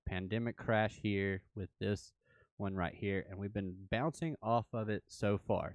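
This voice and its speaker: A young man hosting a casual crypto livestream, talking through charts in a relaxed, hesitant way with many fillers. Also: fairly low pitch, no echo.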